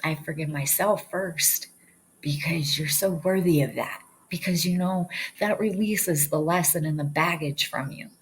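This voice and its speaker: A woman's voice: low-pitched, a little slow, husky, rough recording. A woman giving an earnest, encouraging spiritual talk in a casual way, often repeating her words. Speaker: hypnosis practitioner.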